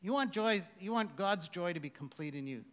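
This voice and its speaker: A man's voice: high-pitched, expressive, fairly quick. A man preaching a sermon, mixing scripture readings with joking, self-mocking asides. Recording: long hall reverb.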